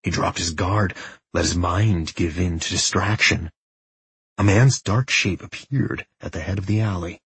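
A man reading a novel aloud as an audiobook narrator, in a steady, measured storytelling manner. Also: sits low, slightly rough. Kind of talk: scripted narration.

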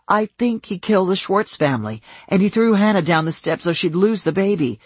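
A narrator voicing a desperate father pressing for help, speaking in a low, tense register, recorded dry. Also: lively intonation, brisk, breathy edge, no echo. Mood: urgent, pressing. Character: desperate father searching for his missing daughter.

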